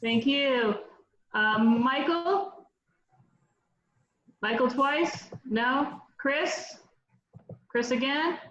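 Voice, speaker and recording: Slow woman calling roll on a roomy call. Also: sits high, fairly bright tone. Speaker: board secretary calling roll. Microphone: video call. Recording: roomy, muffled call with faint noise.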